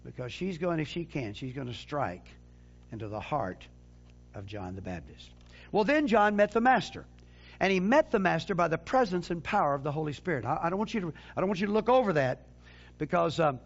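A man preaches a sermon emphatically, often repeating words and restarting phrases, sometimes dropping into a low, quiet delivery. His voice is sing-song at a moderate pace, and the audio sounds dull.

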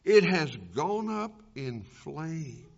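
A man's voice: medium pitch, monotone, takes it slowly, pitched below the performer's own voice. Frantic tearful wife, as a preacher puts her on. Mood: frantic, apologetic. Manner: pleading, apologetic. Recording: dull lo-fi recording.

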